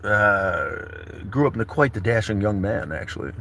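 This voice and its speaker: A laid-back man in his thirties rambles through a morning chat from inside his camper car, his voice bright and forward. He calls listeners brother and buddy. A faint hum of background noise sits under him. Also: fairly low pitch, lively intonation, normal speed, creaky. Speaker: travel vlogger. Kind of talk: casual morning livestream chat.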